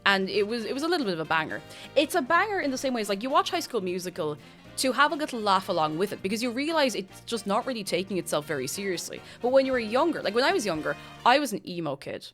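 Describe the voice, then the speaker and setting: Sitting near her desk mic, a young adult woman chats with her live stream audience in a lively way, breaking off and restarting sentences. She speaks quickly at a medium pitch, with faint music playing behind her.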